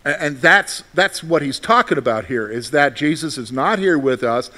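High-voiced male preacher asking rhetorical questions. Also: expressive, normal speed. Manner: asks the congregation rhetorical questions, then answers them; swings between loud emphasis and quiet, confiding asides. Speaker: pastor. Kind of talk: sermon.

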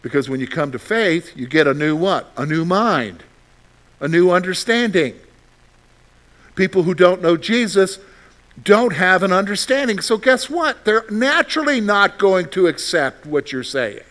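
A middle-aged man preaching a sermon, asking the congregation rhetorical questions and swinging between loud emphasis and quiet asides. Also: high-pitched, lively intonation, unhurried. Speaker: pastor.

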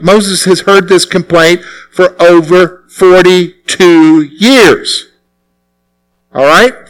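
A man's voice: sits high, a bit bright, poor audio. A male preacher giving a conversational sermon, full of rhetorical questions and emphatic repetition. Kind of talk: expository sermon.

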